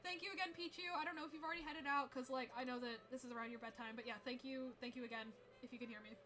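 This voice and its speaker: Excitable high-voiced young woman streamer. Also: racing. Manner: excitable, gushing, laughs often, swears casually. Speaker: VTuber streamer and rigging artist. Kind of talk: casual live-stream chat. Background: faint music.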